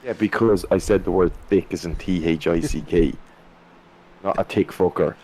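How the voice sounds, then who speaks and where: A man's voice: low-pitched, normal speed, a little mellow. An Irish man co-hosting a live racing stream, trading blunt, crude, sardonic jokes in casual banter. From Ireland.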